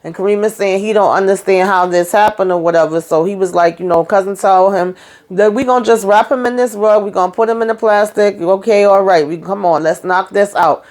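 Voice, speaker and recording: A woman vlogger chatting casually through a TV episode recap, animated and quick to act out lines. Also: mid-range voice. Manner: chatty and animated, acting out quotes.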